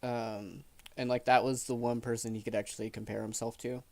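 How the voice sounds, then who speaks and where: A man's voice: medium pitch, level tone, brisk, gravelly, darkish tone. A man giving casual commentary, chatty and filling his talk with "like". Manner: chatty, fills with "like". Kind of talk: casual commentary over clips.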